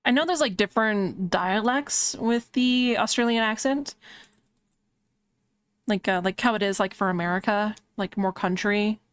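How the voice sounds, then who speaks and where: A woman's voice: mid-range voice, a little slow, smooth. A woman streamer chatting casually while she draws, rambling with lots of "like" fillers. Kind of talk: casual chat while drawing on a live stream.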